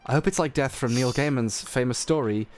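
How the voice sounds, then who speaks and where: A man's voice: mid-range voice, fairly quick. A man with a slight Yorkshire accent streaming a game, tired and joking, laughing often. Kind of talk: casual stream chat.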